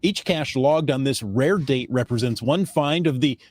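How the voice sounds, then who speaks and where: A man's voice: mid-range voice, normal speed, a little mellow, dry recording. A man hosting a podcast in casual chat, teasing his co-host and laughing through his stories.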